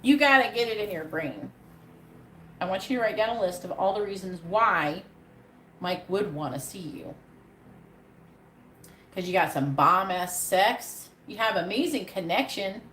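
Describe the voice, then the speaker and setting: A woman giving a live tarot reading, talking in a blunt, profane way with a pep-talk delivery. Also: mid-range voice. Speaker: tarot reader. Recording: echoey room with faint background noise.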